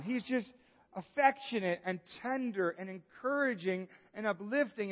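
Animated male pastor, reverberant church hall. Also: sits high. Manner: animated, swings from hushed to exclaiming. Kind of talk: sermon. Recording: dull sound with long hall reverb.

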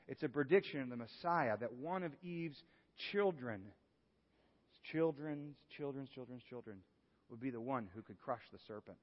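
A male pastor preaching a sermon, moving from hushed, earnest passages to lively exclamations. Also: medium pitch, moderate pace. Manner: animated, swings from hushed to exclaiming. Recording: dull sound with long hall reverb.

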